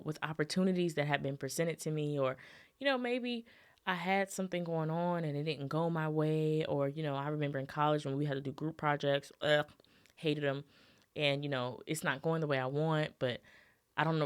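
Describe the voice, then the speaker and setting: A young adult woman hosting a solo podcast, talking casually and expressively to her listeners. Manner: chatty, addresses listeners as y'all and sis; expressive, with quick jumps up in pitch. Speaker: podcast host.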